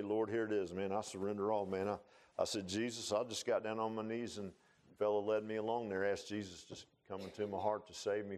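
A man preaching a sermon in a folksy, animated way, often calling listeners "man.". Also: lowish voice.

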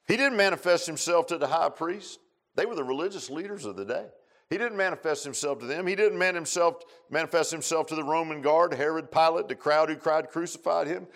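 A man preaching a sermon, dropping to a hush and then rising to shouts, often calling out "huh?" to the congregation. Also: a little high. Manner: swings from hushed to shouting, calls out "huh?".

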